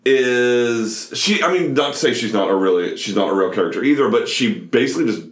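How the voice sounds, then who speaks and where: A man's voice: mid-range voice, lively intonation, a little fast, reverberant. A man co-hosting a podcast, chatting casually about a film with many fillers and the odd swear. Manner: rambling, profane, many fillers. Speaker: podcast co-host.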